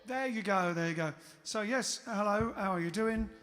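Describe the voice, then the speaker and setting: A man's voice: high-pitched, normal speed. Chatty man hosting over band music. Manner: rambling, chatty, trails off mid-sentence. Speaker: band singer and show host. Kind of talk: casual live-stream chat. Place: home live-stream setup.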